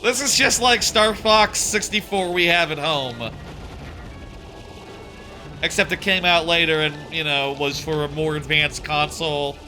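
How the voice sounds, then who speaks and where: A man's voice: a little high, unhurried, bright, forceful tone, faint music behind. A man giving casual gameplay commentary as a streamer, rambling and sardonic, with frequent stammered restarts.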